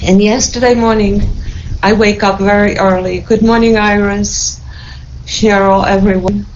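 A woman's voice: mid-range voice, steady tone, a little slow, dull audio, a little hiss or hum. A woman sharing an emotional spiritual testimony in a group, fervent and tearful with joy, repeating her thanks and blessings.

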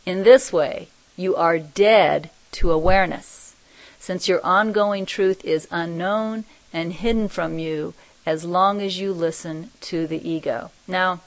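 A woman teaching a spiritual group, reading channeled messages aloud and commenting on them in a soft, reflective way. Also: lowish voice, steady tone, slow pace, no echo, rough recording. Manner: soft-spoken, reflective, often laughing.

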